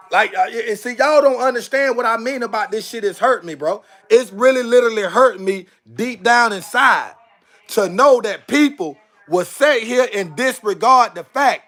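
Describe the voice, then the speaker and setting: Fired-up high-voiced man ranting on a livestream. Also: pushed and bright. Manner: heated, repetitive, addresses viewers as bro. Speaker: livestream host. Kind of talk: impassioned livestream rant.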